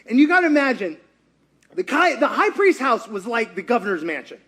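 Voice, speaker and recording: A man preaching a sermon, retelling a story in a lively conversational way and acting out the characters' lines. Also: extremely high pitch, brisk. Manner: acts out quotes in character voices, lively and conversational. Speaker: pastor.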